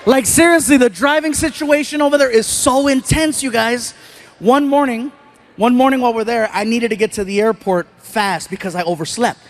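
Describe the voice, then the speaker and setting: High-voiced, animated stand-up comedian. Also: male voice, moderate pace, slight background noise. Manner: animated storytelling, loud bursts. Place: stage before a live audience.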